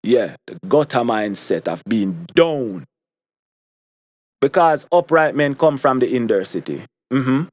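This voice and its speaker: A man's voice: medium pitch, animated, takes it slowly, no echo. A young man with a Jamaican accent giving an opinion monologue to camera, repeating his points for stress. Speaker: commentary vlogger.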